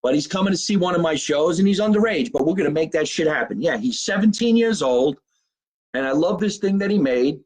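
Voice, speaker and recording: A middle-aged male comedian speaking in a somewhat high voice, broadcasting live from his home basement. He rambles casually, swears freely, and keeps plugging his channels between stories. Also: lively intonation, fairly quick, a little mellow, poor audio. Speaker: comedian hosting his own live show. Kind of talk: casual live-stream monologue.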